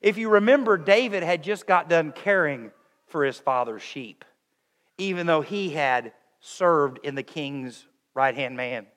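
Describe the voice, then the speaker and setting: A man preaching a sermon, emphatic, moving between raised passages and hushed ones. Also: on the high side, expressive, unhurried, long reverb tail. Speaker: pastor.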